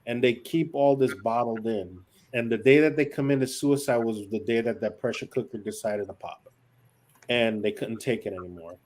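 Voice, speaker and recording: A man who is a military veteran tells stories on a podcast in a blunt, profane way. He slips into the voices of the people in his stories as he goes, and his pitch sits in the middle for a man. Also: moderate pace, darkish tone. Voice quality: profane, blunt, acts out quoted dialogue. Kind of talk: casual storytelling on a podcast.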